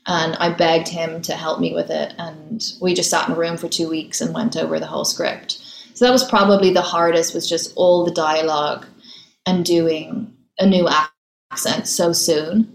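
A woman, an actress being interviewed, chatting casually and telling stories quickly with easy laughs. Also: on the low side, steady tone, creaky, roomy sound, rough recording. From Ireland. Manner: chatty, laughs easily, fast storytelling.

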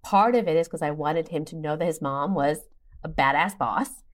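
A woman in her forties, a podcast guest telling a personal story in a lively, animated way with quick asides. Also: low voice. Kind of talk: podcast conversation.

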